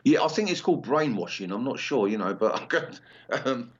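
A man's voice: medium pitch, animated, normal speed, husky. An English man in his sixties, a punk singer chatting in an interview, rambling with many ums and restarts. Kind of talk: casual interview chat. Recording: slightly dull lo-fi sound.

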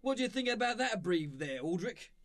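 A man's voice: high-pitched, big pitch swings, a little fast, fairly bright tone. A man with an English accent playing a bumbling husband and a chirpy metal show host in a comedy sketch.

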